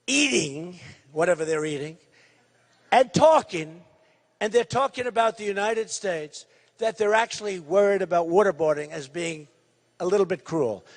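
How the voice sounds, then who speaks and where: A man in his sixties giving a campaign rally speech, loud and repetitive, hammering his points with emphasis. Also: sits high, big-room sound. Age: 60s. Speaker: political candidate.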